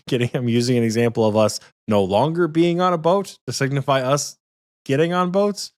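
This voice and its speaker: A man's voice: medium pitch, moderate pace, no echo, clean studio sound. A man co-hosting a casual podcast with a dramatic, flowery delivery. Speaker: podcast co-host.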